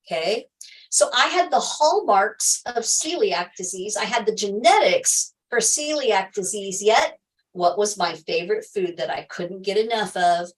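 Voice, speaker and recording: A woman's voice: on the high side, animated, unhurried, recorded from a distance, poor audio. A middle-aged woman hosting a health livestream, telling a personal story to viewers in an emphatic way, repeating key phrases and laughing often.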